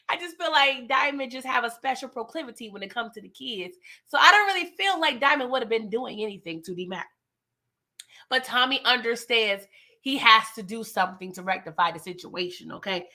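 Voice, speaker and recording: A woman recaps a TV episode in a loose, animated way. Her voice sits a little high and rings bright. She is full of slang and keeps talking straight to her audience. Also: moderate pace. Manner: animated, slangy, chatty, talks straight to viewers. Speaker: TV recap host. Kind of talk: casual recap and review.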